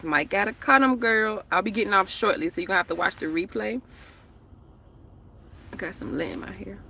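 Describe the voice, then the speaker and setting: A chatty woman from the United States goes live from her parked car, her voice bright and forward. She talks straight to her viewers in loose, slangy asides. A phone mic catches her over a faint hum of traffic. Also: medium pitch, vocal fry. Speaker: live-streaming vlogger. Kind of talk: casual live-stream chat.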